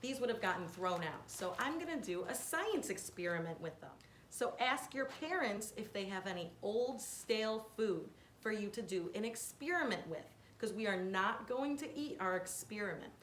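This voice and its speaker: A woman's voice: medium pitch, animated, normal speed, hardly any pauses, a bit bright, slight background noise. Woman teaching kids in an echoey room. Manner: clear, patient step-by-step explaining. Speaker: science teacher. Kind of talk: kids' science lesson.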